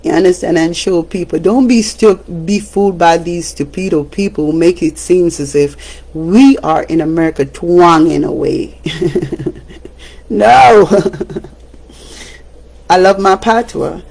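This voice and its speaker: A Jamaican woman speaks slowly in a casual livestream monologue, chatty and quick to laugh. Her voice has a gravelly, creaky edge, and she talks like the radio broadcaster she is. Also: on the low side, dark tone. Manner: chatty, laughs often, breaks into song.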